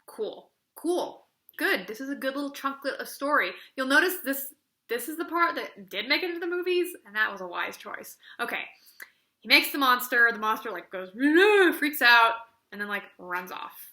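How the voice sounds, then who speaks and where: A woman's voice: on the high side, lively intonation, normal speed, sharp tone. A woman reviewing books in a casual video, sarcastic and rambling, filling her talk with "like". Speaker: book reviewer. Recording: echoey room.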